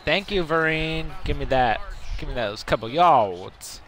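A man streaming a football video game live, chatting casually in slang and breaking into high whoops. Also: expressive, a little slow. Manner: hyped, slangy, keeps asking "you know what I'm saying"; bursts into high whooping shouts. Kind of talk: casual live gameplay commentary.

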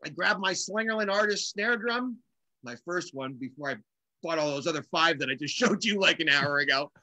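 Bright-voiced man telling a story. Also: fairly high pitch, normal speed, no echo, poor audio. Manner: animated, acts out quotes in lively voices. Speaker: guest drummer. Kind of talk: casual storytelling.

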